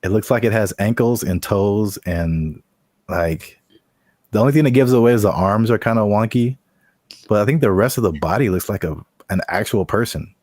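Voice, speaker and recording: A man's voice: fairly low pitch, moderate pace, darkish tone, no echo, studio quality. A man hosting a casual podcast, upbeat and teasing. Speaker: podcast host.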